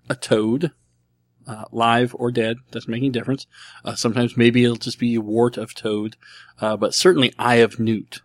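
A man's voice: medium pitch, no echo. A middle-aged man hosting a casual solo show, rambling and self-deprecating, with a dry throat. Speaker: podcast host answering listener questions.

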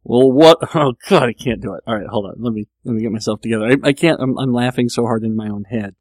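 A man's voice: mid-range voice, a little fast, a little mellow, no echo. A man hosting a podcast, rambling casually and teasing himself, with many restarts. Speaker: podcast host. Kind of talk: casual monologue.

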